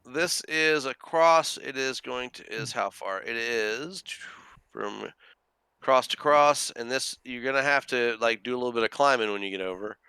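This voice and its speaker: Bright, crisp-voiced man running the game. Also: medium pitch, moderate pace, dry recording. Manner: rambling explanations with frequent restarts. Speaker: dungeon master. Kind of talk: running a tabletop game over a call.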